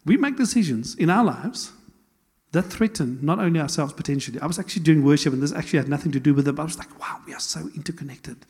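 Pastor preaching, lively up and down voice, kinda husky, big echoey church hall. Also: male voice, fairly high pitch, fast. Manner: animated, conversational preaching with laughs and asides. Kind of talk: sermon. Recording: long church hall reverb.

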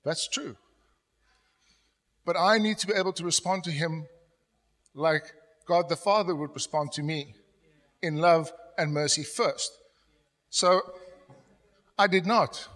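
A middle-aged man preaching a sermon as pastor, telling stories and dropping to a soft, confessional tone when he quotes himself. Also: a little high, slow pace, pauses often. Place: church hall. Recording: long church hall reverb.

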